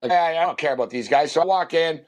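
A man's voice: fairly high pitch, quick pace. A man on a talk show telling a long anecdote in a casual, rambling way, full of fillers and restarts. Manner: rambling, filler-heavy, animated impressions in quotes. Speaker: radio show host. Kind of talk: casual storytelling chat.

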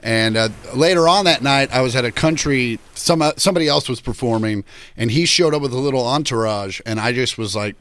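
A man's voice: mid-range voice, fairly quick, a bit bright, dry recording. A man who is a guest comedian on a podcast, telling anecdotes in casual chat and acting out the voices in them. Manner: storytelling, acts out the voices in his anecdotes.

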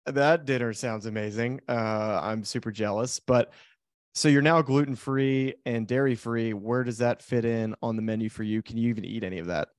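A man's voice: medium pitch, steady tone, normal speed, no room sound, studio quality. A man hosting a podcast, teasing his guest in a playful way and setting up stories with casual questions. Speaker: podcast host, pro golfer. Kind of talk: casual interview chat.

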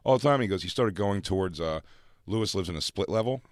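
A man co-hosting a casual podcast chat, an animated storyteller who laughs often. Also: sits low, quick pace, dry recording, studio quality.

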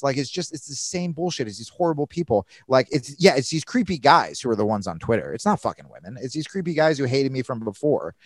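A man's voice: mid-range voice, expressive, fairly quick, darkish tone, no room sound. A young man in candid casual conversation as a podcast guest, rambling and swearing, often restarting his sentences.

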